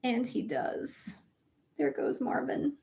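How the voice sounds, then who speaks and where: Animated woman reading a children's story. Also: a little high, slow pace, vocal fry, slight background noise. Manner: animated, asks children questions. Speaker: children's librarian. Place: library.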